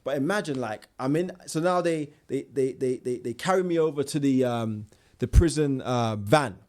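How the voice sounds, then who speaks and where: Young man, interview guest; lively, slangy storyteller with restarts. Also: medium pitch, moderate pace.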